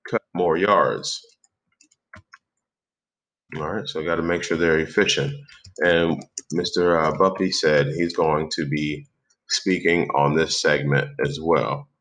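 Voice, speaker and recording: A man hosting a software tutorial, calmly talking through each step aloud as he types into a document. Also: extremely low pitch. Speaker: tutorial host. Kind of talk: screen-recorded software tutorial.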